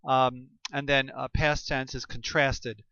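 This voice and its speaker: A male teacher explains a lesson in a relaxed, unscripted way, halting often, restarting, and circling back with fillers. His medium-pitched voice is smooth and resonant, recorded close and dry on slightly dull, lo-fi audio.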